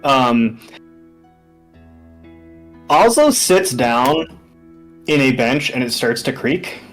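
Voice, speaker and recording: A man's voice: mid-range voice, lively intonation, very slow, soft background music, rough recording. A man narrating a tabletop game as game master, rambling with many fillers.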